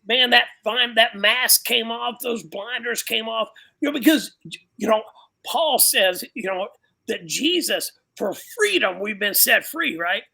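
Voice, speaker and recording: A man's voice: extremely high pitch, expressive, unhurried, creaky, sharp tone, rough recording. A pastor speaking casually and animatedly, dropping "man" and "you know" into nearly every sentence. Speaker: pastor and biker ministry guest. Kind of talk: casual conversation.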